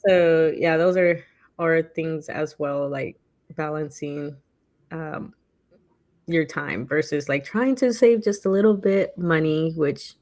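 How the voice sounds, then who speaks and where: A woman's voice: sits low, slow, a little mellow. A woman co-hosting a casual chat, talking loosely with lots of fillers and acting out quotes animatedly. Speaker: podcast co-host.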